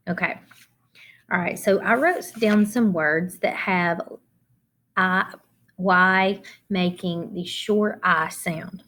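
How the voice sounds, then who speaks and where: A middle-aged woman with a medium-pitched voice teaches a phonics lesson to children, spelling out letters and syllables slowly and deliberately.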